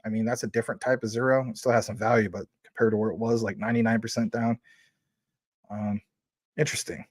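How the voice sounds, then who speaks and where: A man's voice: fairly low pitch, little pitch movement, quick pace, no room sound. A man in his forties hosting a casual livestream, chatting in a rambling way with lots of fillers while reading out and thanking viewers' super chats. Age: 40s. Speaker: crypto livestream host.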